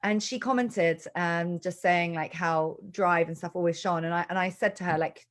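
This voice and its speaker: A woman's voice: on the low side, fairly even intonation, normal speed. An upbeat, self-deprecating woman hosting a live-streamed interview over a video call from an office. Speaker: host. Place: farm office indoors.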